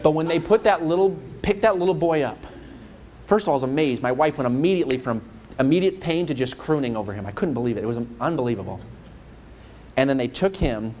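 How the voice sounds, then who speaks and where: A young man preaching as an evangelist, telling a personal story in a conversational, self-deprecating way, rushing some phrases and slowing for emphasis. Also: mid-range voice, a little mellow, a little hiss or hum. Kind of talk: sermon.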